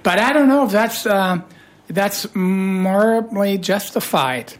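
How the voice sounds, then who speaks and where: A radio show host with a hoarse voice, chatting casually in a playful, teasing way. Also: mid-range voice, expressive, slow pace.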